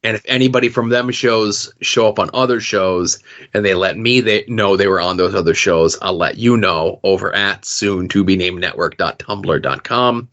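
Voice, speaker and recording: A man's voice: lowish voice, moderate pace, a bit bright. A man hosting a podcast, reading off links and show plugs in a chatty way, with plenty of "uh"s. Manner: chatty, with filler "uh"s. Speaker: podcast host. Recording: dull lo-fi audio.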